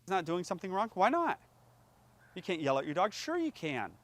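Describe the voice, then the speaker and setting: A man's voice: high voice, sing-song, quick pace, no room sound. A man telling casual stories about training dogs, acting out scenes with sound effects and little voices. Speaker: dog trainer in a played clip. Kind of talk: animated casual storytelling.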